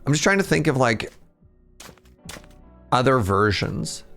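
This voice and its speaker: Male streamer, animated pitch, chatty, laughs a lot, faint game music underneath. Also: unhurried. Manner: chatty, laughs often, reads out chat names. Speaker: streamer playing an incremental game. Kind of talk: casual live-stream chat with viewers.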